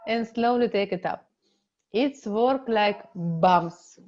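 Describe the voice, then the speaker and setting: A middle-aged woman with a Russian accent teaching an online relationship seminar in slow, halting, non-native English. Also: mid-range voice, darkish tone, muffled recording. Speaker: relationship coach.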